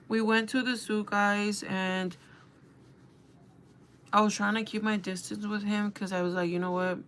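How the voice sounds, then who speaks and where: A woman's voice: mid-range voice, a bit bright, a little hiss or hum. Chatty young woman livestreaming makeup. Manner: rambling, filler-heavy storytelling. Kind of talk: casual chat while doing makeup.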